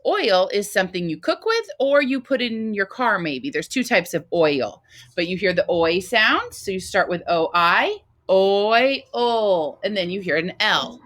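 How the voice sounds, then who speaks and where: A woman teacher giving a phonics lesson to first graders, talking slowly and patiently in a sing-song teacher voice. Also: medium pitch, big pitch swings, fairly bright tone. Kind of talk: phonics lesson for young children.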